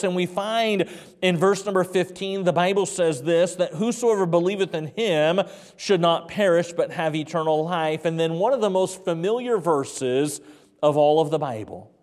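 A man pastor preaching a sermon in a church sanctuary, repeating words and stretching key phrases slowly, dropping to a hush for emphasis. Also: high-pitched, in a large hall.

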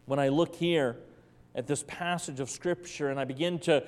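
A man preaching a sermon as pastor, swinging from loud emphasis down to soft, hushed phrases. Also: a little high, normal speed. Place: church sanctuary. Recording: long reverb of a church hall.

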